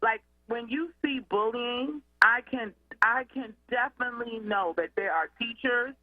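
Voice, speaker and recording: A woman educator and student advocate, a guest calling in to a radio show, explaining in an animated, conversational way. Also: a little high, measured pace, dry recording. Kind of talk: radio call-in interview. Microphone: phone line. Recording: tinny phone line.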